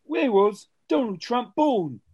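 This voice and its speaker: A woman hosts a relaxed quiz, quick to tease and joke crudely with the players. Her voice sits high. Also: husky, no echo, dull audio. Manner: teasing, bawdy, laughing quizmaster. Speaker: quiz host. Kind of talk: casual podcast quiz banter.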